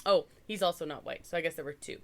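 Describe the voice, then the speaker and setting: A woman's voice: deep voice, fast talker, fairly bright tone. A woman from Canada co-hosting a podcast, chatting casually as she recaps a movie, with lots of "like" and wry asides. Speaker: podcast co-host.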